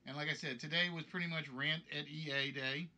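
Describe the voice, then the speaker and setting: Guy hosting a game show stream from home, thinks out loud, super bright tone. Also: fairly high pitch, fairly even intonation, a little fast. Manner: thinks aloud, rambling with restarts. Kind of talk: casual live-stream chat.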